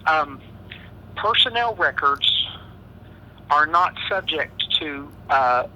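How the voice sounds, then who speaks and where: A man on a phone call, an official taking a claim, giving brief measured replies. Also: a little high, lively intonation, bright, forceful tone, a little hiss or hum.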